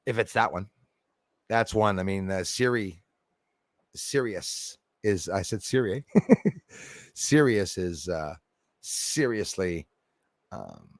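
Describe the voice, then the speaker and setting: A man's voice: low-pitched, lively intonation, slow, long pauses, no room sound, studio quality. A man chatting casually on his livestream, laughing often and reading out viewer names. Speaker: livestream host.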